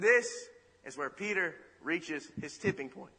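Male preacher, high bright voice, dramatic storyteller, hall reverb. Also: measured pace. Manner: dramatic, animated retelling with rhetorical asides. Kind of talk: sermon storytelling.

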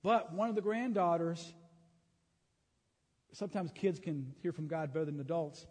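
A man's voice: a little high, normal speed, a little mellow, big-room sound. A middle-aged man preaching, telling a personal story in an earnest way with frequent restarts and fillers. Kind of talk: sermon testimony.

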